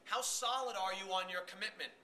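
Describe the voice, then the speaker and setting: Bright high-voiced man coaching a room. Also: brisk, a little hiss or hum. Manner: energetic, demonstrative, addresses the room directly. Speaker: trade show sales trainer. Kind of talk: live workshop coaching. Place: room with a live audience.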